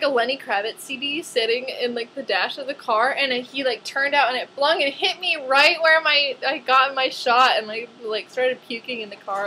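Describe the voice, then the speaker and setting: A young woman ranting casually to camera in a vlog, chatty and animated, with lots of "like". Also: on the high side, slight background noise, poor audio. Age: young adult.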